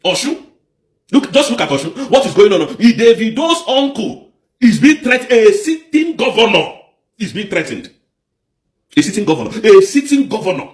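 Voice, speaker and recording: A man with a Nigerian accent giving a heated, emphatic political rant on a livestream, repeating points and breaking into shouts. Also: high-pitched, sing-song, normal speed, long pauses, echoey room. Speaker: livestream commentator.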